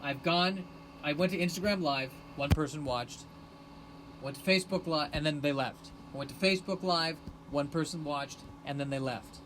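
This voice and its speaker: A man hosting a rambling solo live stream on his phone, sarcastic and self-mocking, bursting into shouted rants. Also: fairly high pitch, normal speed, noisy background. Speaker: podcast host streaming live.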